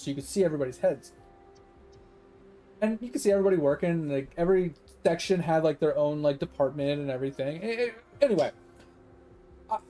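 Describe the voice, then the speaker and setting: Rambling, cussing male gamer telling a story. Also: a little high. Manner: rambling, animated, quotes people in dialogue, swears. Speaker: gaming streamer. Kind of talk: casual storytelling while gaming.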